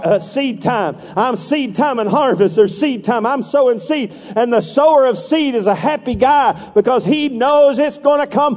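High-voiced pastor preaching in a hall. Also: male voice, darkish tone. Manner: preaching with call-and-response, acting out voices. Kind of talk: sermon.

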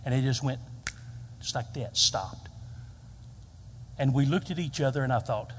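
Pastor preaching in a reverberant hall. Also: male voice, lively intonation, a little fast, slight background noise. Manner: storytelling, acts out quoted lines with big pitch jumps. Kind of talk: sermon.

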